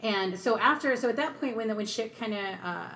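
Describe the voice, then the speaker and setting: A woman's voice: fairly high pitch, a little fast, a bit bright, a little hiss or hum. Frank, profane woman in casual chat. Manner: frank and profane, acts out quoted dialogue.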